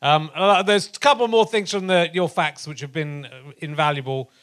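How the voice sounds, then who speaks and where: Male podcast host, relaxed, slightly high pitch, interviewer feeding questions. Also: normal speed. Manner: casual, prompting questions. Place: comedy club stage.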